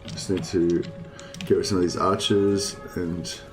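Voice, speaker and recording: A man's voice: low-pitched, flat delivery, moderate pace. A man chatting casually and thinking aloud with lots of ums while streaming a co-op strategy game. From Australia. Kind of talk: casual co-op gameplay commentary. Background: game music.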